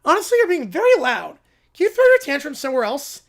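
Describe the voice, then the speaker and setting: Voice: high voice, wildly swooping pitch, fast talker, heavily acted. A streamer doing a smug teasing fan. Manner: mocking, condescending. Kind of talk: comedy skit on a live stream.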